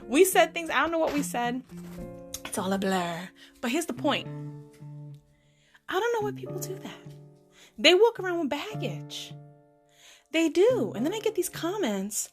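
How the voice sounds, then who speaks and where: A woman hosting a podcast, telling a story in a sassy, animated way with playful slang. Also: very high-pitched, unhurried, pauses often, over music. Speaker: podcast host. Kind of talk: casual storytelling monologue.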